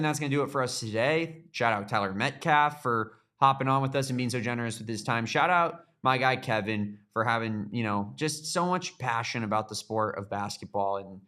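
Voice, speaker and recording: A man's voice: medium pitch, a bit bright. A male sports talk host with an upbeat, chatty delivery and a mid-range voice. He talks casually, with easy fillers. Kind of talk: casual show sign-off.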